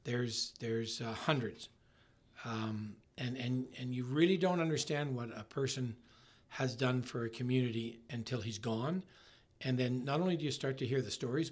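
A middle-aged man in a casual interview, talking in halting bursts with many restarts and trailing off softly. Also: mid-range voice, husky. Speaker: ski resort marketing executive, guest.

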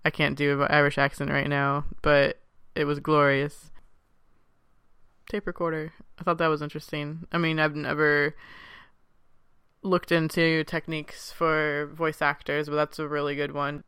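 A man's voice: fairly high pitch, completely flat delivery, measured pace, sharp tone, clean tone, dry recording, clean studio sound. A man chatting casually about a film, giggly and full of fillers. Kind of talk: casual chat.

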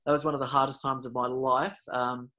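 A man at a middle pitch, talking as a podcast guest in a loose, rambling way. He fills his sentences with ums and restarts. At the tense moments his voice gets louder and more animated. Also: a little fast. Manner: rambling, many fillers and restarts; gets loud and animated retelling scary moments. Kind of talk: casual storytelling.

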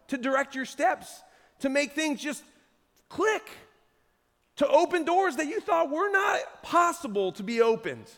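A man preaching a sermon as pastor, telling a story with lively quoted voices. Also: very high-pitched, long reverb tail.

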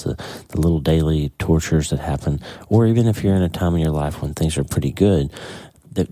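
A man's voice: rumbling low, mellow, no room sound. A man hosting a faith podcast, talking earnestly with many restarts, his voice cracking with emotion. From United States. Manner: earnest, halting, repeats words. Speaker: podcast host. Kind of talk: casual devotional talk.

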